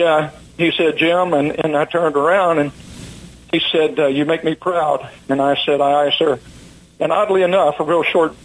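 An older man, a retired pilot, telling long stories in a relaxed, rambling way with many fillers, as an interview guest. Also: fairly high pitch, low-quality recording. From United States. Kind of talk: casual storytelling interview.

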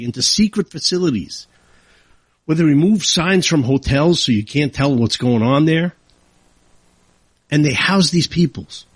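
A man hosts a talk radio show, ranting with indignant heat. His husky voice swings widely in pitch, jumping up when he gets riled. The studio sound is dry and close. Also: no room sound. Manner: heated, indignant, rising to outbursts. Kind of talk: opinionated talk radio monologue.

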